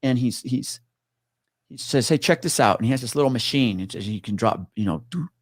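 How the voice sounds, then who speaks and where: A man's voice: mid-range voice, expressive, brisk, dry recording, studio quality. A man telling a story in casual chat, swearing freely and acting out the people in it. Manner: swears freely, acts out quoted voices.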